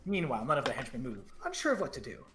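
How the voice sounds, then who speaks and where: A man streamer reading a story game aloud, with quick jokey asides. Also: medium pitch. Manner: fast, lively, joking asides. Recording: roomy echo.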